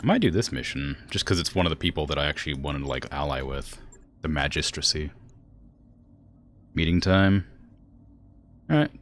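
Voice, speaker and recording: A man's voice: extremely low pitch, lively intonation, normal speed, long pauses, fairly bright tone, soft background music. A man streaming a strategy game, chatting casually and laughing often.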